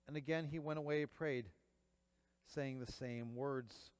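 A man's voice: mid-range voice, fairly even intonation, measured pace, smooth. A man reading scripture aloud and preaching, acting out the quoted lines dramatically. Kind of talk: Bible reading and sermon. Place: church. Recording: long church reverb.

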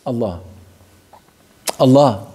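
Leading a weekly Quran commentary lesson, a man tells its stories earnestly, returning to key phrases and weaving in Arabic expressions. He speaks slowly but animatedly in a mid-range voice with a dark tone and a breathy edge.

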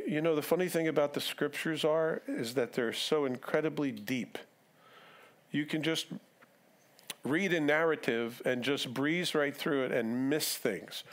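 A man's voice: fairly high pitch, moderate pace. A male pastor giving a casual, conversational sermon, asking his congregation questions and acting out the dialogue of the story he reads. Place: church sanctuary.

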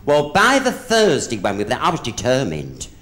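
Man, stage comic, gossipy live storyteller with a very animated voice. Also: mid-range voice, moderate pace. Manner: chatty gossipy storyteller, hops in and out of voices for each character. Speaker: stand-up comedian. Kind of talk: live stand-up joke telling. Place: theatre stage with a live audience.

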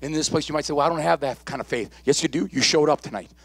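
A male pastor preaching a live church sermon with impassioned repetition and calls to the congregation, at times shouting, at times dropping low. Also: fast talker, breathy edge, no echo. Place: church sanctuary during a live service.

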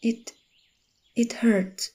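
A woman playing a guarded, lonely young woman. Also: very slow. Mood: resisting. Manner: hesitant, stammering, soft-spoken. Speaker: voice actor. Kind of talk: audio role-play.

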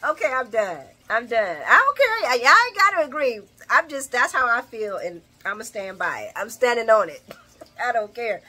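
A woman's voice: on the high side, big pitch swings, normal speed, bright, forceful tone. A woman recapping a soap opera in casual chat, sassy and opinionated, laughing often as she talks.

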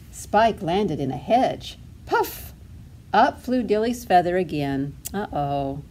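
A woman's voice: medium pitch, warm tone, slight background noise. A woman librarian reading a storybook aloud to toddlers in a sing-song way, asking the children questions as she goes.

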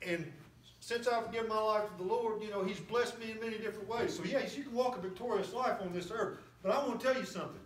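Fired-up preacher man, high voice. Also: fast, a little hiss or hum. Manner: fiery, rising to shouts and whoops. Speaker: guest pastor. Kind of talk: sermon. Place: church sanctuary. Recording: roomy church from far off.

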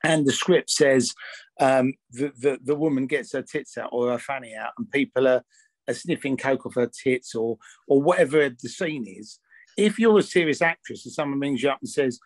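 A man's voice: medium pitch, moderate pace, dry recording. A man, an actor telling stories in a candid interview, blunt and full of restarts. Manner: blunt, rambling, many restarts and fillers. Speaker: actor and film producer being interviewed.

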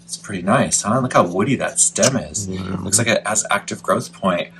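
A man's voice: fairly low pitch, moderate pace, creaky, far from the mic, background noise. A man filming a casual plant unboxing vlog at home, gushing and talking straight to the camera. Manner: excitable, gushing, talks to the camera. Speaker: plant vlogger.

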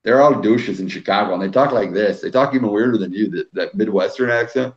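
A man's voice: on the low side, fairly quick, highs cut off. A man from Quebec hosting a casual live whisky stream, teasing his guest and calling out viewers in the chat. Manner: teasing, jokey, reads out viewer names.

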